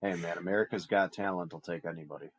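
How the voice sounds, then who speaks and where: A man with a very low voice in casual podcast talk, wry and amused, laughing his way through his complaints. His voice sits close and dry on the mic. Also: fairly even intonation, quick pace, no echo. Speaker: podcast co-host. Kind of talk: casual movie review chat.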